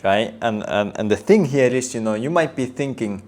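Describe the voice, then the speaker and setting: A man's voice: mid-range voice, lively intonation, normal speed, darkish tone. A man ranting to camera in a comedic vlog, swearing heavily and delivering everything with mock outrage and ironic, over-the-top seriousness. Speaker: vlogger.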